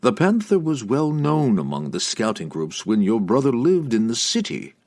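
A man voicing a worldly male dark elf mercenary leader in an audiobook, speaking in a measured, reluctant way. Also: mid-range voice, wildly swooping pitch, pitched above the performer's own voice. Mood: wry.

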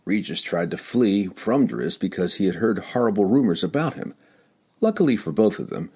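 A man narrating a fantasy audiobook with an expressive storytelling delivery. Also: sits low, creaky, husky.

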